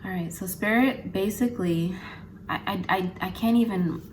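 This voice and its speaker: A woman doing a spiritual card reading, speaking haltingly and close to tears, often pausing and restarting as emotion overwhelms her. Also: mid-range voice, a little mellow, slight background noise, rough recording. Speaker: intuitive card reader.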